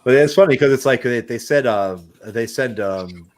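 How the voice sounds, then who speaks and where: A man's voice: medium pitch, moderate pace. A man with a Midwestern American accent chatting casually as a podcast host, rambling, swearing and saying "dude". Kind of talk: casual chat.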